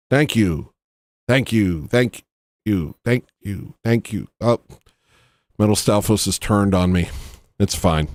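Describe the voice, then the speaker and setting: A tired man hosting a livestream, talking casually in a rambling, mocking, irreverent way with sudden high-pitched outbursts. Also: slow, long pauses, no echo. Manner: slips into loud high-pitched bursts. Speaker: livestream host.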